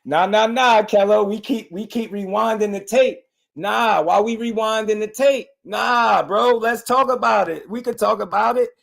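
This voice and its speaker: On a live boxing stream, a male host with a high-pitched, gravelly voice responds to chat at a moderate pace. He keeps pressing his points, repeating himself animatedly and singling out viewers.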